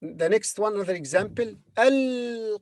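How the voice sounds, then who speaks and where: A man teaching the alphabet in a slow, patient spoken lesson, repeating each word and pausing with fillers. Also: a little high, lively intonation, no room sound. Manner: patient, repeats words slowly with hesitant fillers. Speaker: Arabic teacher.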